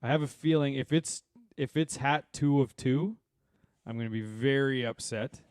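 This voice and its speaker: Sex: man. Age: 30s-40s. Role: podcast co-host. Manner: animated, rambling storyteller. Sound: dry, close. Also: mid-range voice, normal speed, clean tone, dry recording. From Saskatchewan, Canada. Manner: animated storyteller, rambling with many fillers and asides. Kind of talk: casual chat.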